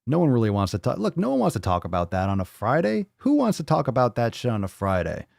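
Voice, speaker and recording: A man's voice: medium pitch, huge pitch swings, fast, vocal fry, darkish tone, no room sound, clean studio sound. A man hosting a casual livestream, talking bluntly and rambling, swearing freely as he reads and answers viewer comments. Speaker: livestream host.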